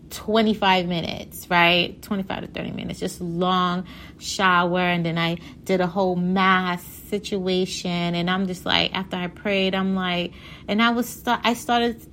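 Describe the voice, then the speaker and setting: An animated woman in her thirties from Haiti talks casually about her own life. She laughs often as she tells her stories, her voice at an ordinary middle pitch. A faint hiss of noise sits behind her. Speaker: vlogger. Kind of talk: casual personal talk.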